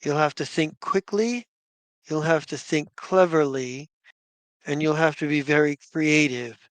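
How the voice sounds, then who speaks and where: A man voicing a solemn female guardian who hands out grave advice in measured pronouncements during a tabletop game. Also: fairly high pitch, no room sound, close to an everyday voice. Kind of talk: tabletop role-play voicing.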